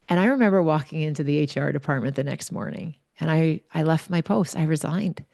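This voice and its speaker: A woman's voice: sits low, fairly quick, vocal fry, hardly any pauses, mellow, no echo, studio quality. A woman in her forties, a podcast host, candidly telling a personal story in a chatty way with lots of fillers.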